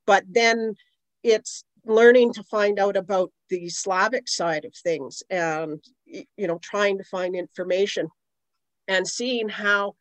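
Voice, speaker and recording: A woman's voice: medium pitch, takes it slowly, dry recording, poor audio. A middle-aged woman, a guest on an interview podcast, telling long rambling stories with many asides. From Canada. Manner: rambling, conversational, many "you know" asides. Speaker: guest, aromatherapist.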